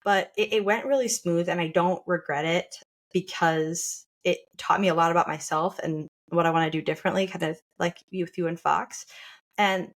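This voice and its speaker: A woman's voice: fairly low pitch, steady tone, moderate pace. A young woman podcast host telling her birth story in a casual, chatty way, full of quoted asides.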